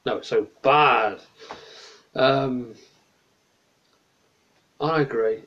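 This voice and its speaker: A man's voice: mid-range voice, extremely slow, highs cut off. A tired man, chatting in a rambling way to his livestream viewers late at night from a small bedroom, drifting off topic and answering chat.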